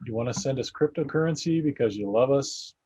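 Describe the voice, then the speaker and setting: A man's voice: mid-range voice, fairly quick, dark tone, slightly rough, no room sound. A man co-hosting a casual gaming podcast, teasing and joking with his partner. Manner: teasing, jokey banter. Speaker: podcast co-host. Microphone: headphones and a studio mic at home. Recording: dull, dry podcast audio.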